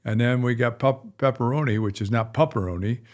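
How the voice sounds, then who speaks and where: A man's voice: mid-range voice, fairly even intonation, fairly quick, darkish tone. A middle-aged male veterinarian chatting on a podcast, rambling and folksy with blunt asides. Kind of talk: casual podcast chat.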